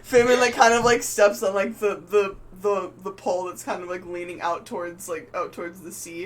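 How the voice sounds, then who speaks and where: A man's voice: high-pitched, little pitch movement, brisk, rough recording. A man narrating as game master, rambling with many fillers. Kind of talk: narrating a tabletop game on a live stream.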